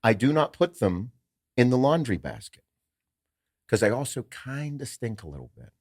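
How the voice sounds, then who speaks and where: A man's voice: mid-range voice, big pitch swings, normal speed, dry recording, clean studio sound. A man co-hosting a podcast in casual chat, joking and rambling with plenty of profanity. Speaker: podcast co-host.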